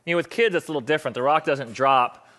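A man delivers a motivational talk to a live audience in a bright, ringing voice that sits a little high for a man. He is animated and acts out both sides of arguments in raised voices. He hammers his points home by repeating short phrases. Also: fast talker. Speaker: speaker on stage.

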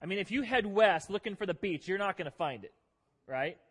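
A man preaching a sermon, telling a funny story about himself in an animated, self-deprecating way to his church congregation. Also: high-pitched, fairly quick, breathy edge. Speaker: pastor. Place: church sanctuary. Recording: long reverb of a large hall.

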